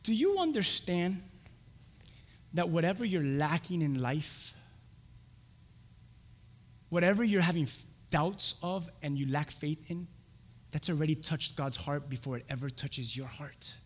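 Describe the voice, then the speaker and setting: A man preaching a sermon as pastor, swinging from loud, shouted lines to hushed whispers. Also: on the high side, expressive, a little slow, pauses often. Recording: long hall reverb.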